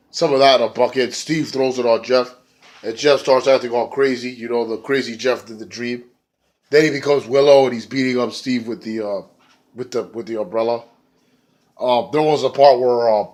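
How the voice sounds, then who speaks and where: Excitable, profane man reviewing wrestling. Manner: excitable, profane, rambling with fillers; breaks into squeaky high voices when quoting wrestlers. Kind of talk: casual spoken review.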